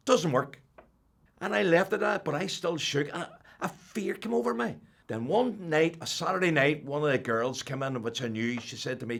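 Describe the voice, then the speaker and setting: An older man with a Northern Irish accent, telling his personal faith testimony as an animated storyteller who drops to a hush and then rises loud. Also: fairly high pitch, normal speed, creaky. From Northern Ireland. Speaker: testimony speaker.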